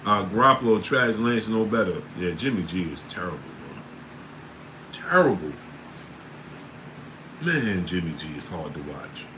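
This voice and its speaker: A man hosting a casual sports livestream, reading out chat names and breaking into loud disbelief. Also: low-pitched, big pitch swings, unhurried, long pauses, background noise.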